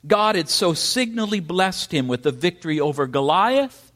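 A man preaching a sermon in church, with emphatic questions and dramatic rises in pitch. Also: expressive, normal speed, fairly bright tone. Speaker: pastor.

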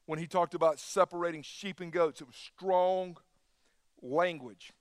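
A man preaching with emphasis, his voice sitting somewhat high. He swings between loud bursts and soft, hushed asides. The sound is dry and close, with no room echo. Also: steady tone, measured pace, clear, resonant tone. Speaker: pastor. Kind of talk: sermon.

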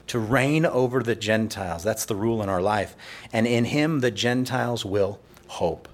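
A pastor preaching a sermon in church, explaining scripture in a conversational way with playful asides. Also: male voice, mid-range voice.

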